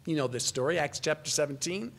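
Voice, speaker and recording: Earnest high-voiced male pastor preaching. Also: fast, vocal fry. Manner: rises in pitch and volume for emphasis, then drops low and quiet. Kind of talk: expository sermon.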